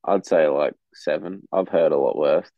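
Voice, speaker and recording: A man's voice: extremely low pitch, moderate pace, vocal fry, no echo. A young Australian man with an Australian accent, chatting as a guest on a podcast in a laid-back, frank way. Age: young adult. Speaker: guest athlete. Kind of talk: casual podcast chat. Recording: tinny phone-like line, dry.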